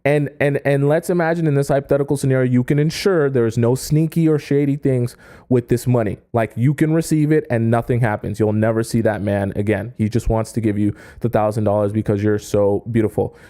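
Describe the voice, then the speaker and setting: A man hosting a dating-advice live stream in a mellow, soft-edged voice. He talks directly to his viewers and reads their comments aloud. He keeps punctuating his points with "right?" and "okay?". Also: medium pitch, steady tone, a little fast. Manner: repeats "right?" and "okay?", addresses the chat directly. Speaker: dating coach.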